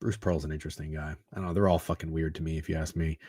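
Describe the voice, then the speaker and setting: A man's voice: very deep voice, fairly even intonation, rapid-fire, dark tone, slightly rough, dry recording, clean studio sound. A man hosting a sports betting stream, chatting casually in a rambling, profane, sarcastic way. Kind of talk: casual livestream chat.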